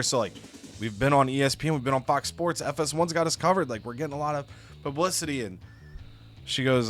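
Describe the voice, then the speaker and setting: A man tells the story of a game session in a loose, animated way, sprinkling in "you know" and "like." His voice sits at an ordinary middle pitch, with faint music behind him. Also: fast talker. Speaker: let's-play co-host. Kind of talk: casual game recap storytelling.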